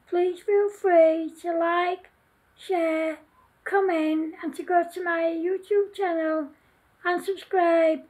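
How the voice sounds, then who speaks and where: A woman reading her own children's story aloud in a slow, deliberate, homely way. Her voice is very high yet mellow, and she takes her time over every line. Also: low-quality recording.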